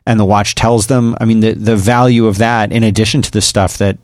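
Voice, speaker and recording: Male podcast co-host, lowish voice, earnest and rambling, dry close mic. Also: fairly even intonation, brisk, darkish tone, dry recording. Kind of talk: casual tech podcast chat.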